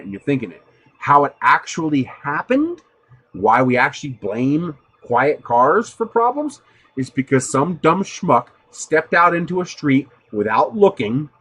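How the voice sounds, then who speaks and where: A man's voice: medium pitch, a bit bright, slightly rough. A man hosting a 3D printing livestream, chatting casually with viewers, telling stories loosely with profanity and frequent laughter.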